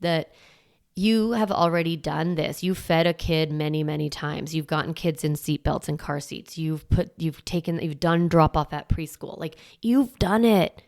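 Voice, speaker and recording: A middle-aged woman hosting a parenting podcast, teaching in a chatty way full of "like" and quick restarts. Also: low voice, fairly even intonation, darkish tone. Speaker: parenting coach and podcast host. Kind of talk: casual solo podcast teaching.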